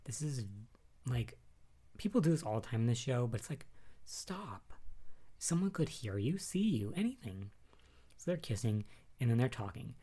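A man talks through a recap in a loose, chatty way, full of fillers and little asides. He wanders off on tangents before coming back to the point, at a middle pitch. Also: mellow. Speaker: recap vlogger. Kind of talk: casual episode recap.

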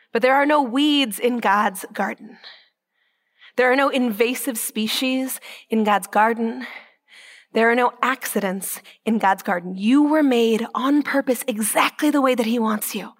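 A high-voiced woman gives an inspirational Catholic talk, telling stories with lively energy. She drops to a hushed whisper for emphasis and slows right down on the key words.

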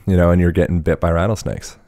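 Male podcast guest, very deep voice, dry close sound, thinks aloud. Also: fairly even intonation, fast, dark tone, no room sound. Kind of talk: casual podcast conversation.

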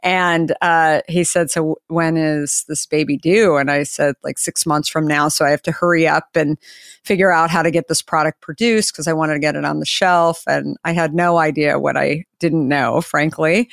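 A woman who founded a company, telling an anecdote as an interview guest and acting out the quoted dialogue with lively shifts of voice. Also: low voice, normal speed, vocal fry, dry recording, studio quality. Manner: animated, acts out quoted dialogue. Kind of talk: anecdotal storytelling in conversation.

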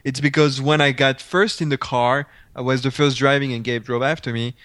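A man's voice: medium pitch, moderate pace, no echo. Chatty man telling a story, dry mic. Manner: animated storyteller with frequent fillers and laughs. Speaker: podcast co-host. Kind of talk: casual chat.

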